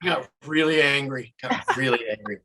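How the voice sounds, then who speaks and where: A man's voice: mid-range voice, a little fast, poor audio. A man hosting a podcast in casual chat, telling stories animatedly and swearing freely. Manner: animated storyteller, acts out voices, swears freely. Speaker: podcast host.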